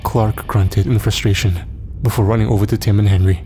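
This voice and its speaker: A man narrating a first-person horror story in a steady, somber way. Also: on the low side, fairly quick, a little hiss or hum.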